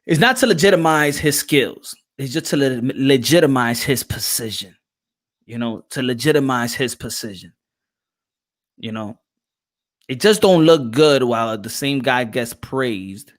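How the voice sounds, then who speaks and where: A man's voice: medium pitch, unhurried. A man hosting a casual boxing livestream, reading out chat and posing rhetorical questions, often repeating himself. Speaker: boxing show host.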